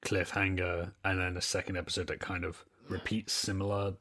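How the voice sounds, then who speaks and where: A man's voice: deep voice, level tone, a little fast, pushed and bright. A man co-hosting a podcast, giving his thoughtful, laid-back opinions in casual chat. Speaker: podcast co-host.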